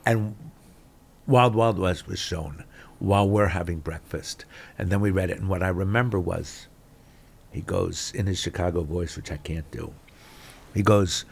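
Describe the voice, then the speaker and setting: Gravelly animated older man. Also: on the low side. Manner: animated storyteller, swings between loud bursts and mutters. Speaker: guest actor. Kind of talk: storytelling interview chat.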